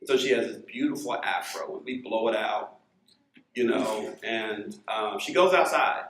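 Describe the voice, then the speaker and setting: Animated male panel moderator, roomy hall. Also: fairly low pitch, a little slow, a little hiss or hum. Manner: animated, acts out quoted voices. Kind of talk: storytelling then posing a question. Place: lecture hall.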